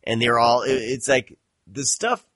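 A man's voice: medium pitch, fairly even intonation, normal speed, a bit bright, dry recording, studio quality. A man hosting a podcast, chatting casually in a rambling, profane, self-deprecating way. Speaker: podcast host. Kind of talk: casual chat.

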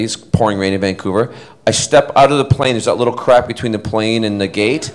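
A man telling animated, self-deprecating stories on a convention panel, speaking into a handheld mic on stage. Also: medium pitch. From Canada. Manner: animated, self-deprecating, quick to act out voices. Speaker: guest actor on a convention panel. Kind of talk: anecdotal storytelling to a live audience.

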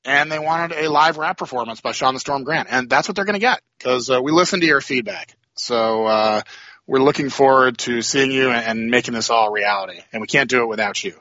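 A man hypes his tournament in upbeat casual talk. His voice is bright and forward. The line sounds muffled and dry. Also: mid-range voice, a little fast, no echo. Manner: upbeat promotional hype. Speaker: tournament organizer. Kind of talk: casual chat.

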